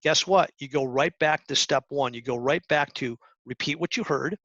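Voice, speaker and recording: A middle-aged man giving a talk to high school students, coaching earnestly with restarts and acted-out examples. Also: moderate pace, hardly any pauses, a bit bright, no echo. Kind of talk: presentation talk. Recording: dull lo-fi sound.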